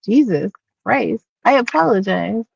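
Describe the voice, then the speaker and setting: A woman's voice: medium pitch, animated, a little slow, gravelly, slightly rough, no room sound, lo-fi sound. A woman streaming live, chatting casually, self-deprecating and swearing, laughing often. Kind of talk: casual chat on a livestream.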